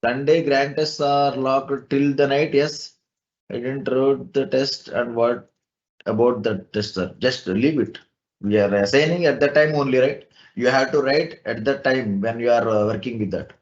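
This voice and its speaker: A man's voice: mid-range voice, measured pace. Man, online class teacher, step-by-step explaining, rhetorical questions, dull lo-fi sound.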